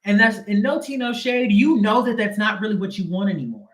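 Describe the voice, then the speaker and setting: A man's voice: sits high, expressive, fast, roomy sound. A man giving a casual live tarot reading in a sassy, slangy, emphatic way. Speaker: tarot reader.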